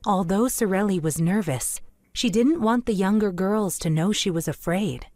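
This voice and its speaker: A woman narrating a children's storybook in a clear, measured storytelling manner. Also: medium pitch, a little mellow, a little hiss or hum.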